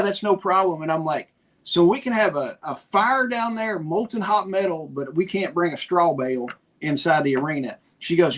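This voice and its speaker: A middle-aged man, co-hosting a podcast and retelling conversations in casual chat. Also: on the high side. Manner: storytelling, animated retelling of conversations. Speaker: podcast co-host.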